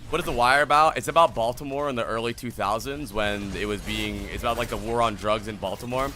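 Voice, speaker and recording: A man's voice: medium pitch, fast, bright, forceful tone, a little hiss or hum. A young man from New Jersey, a streamer rambling in slangy casual chat while answering his viewers.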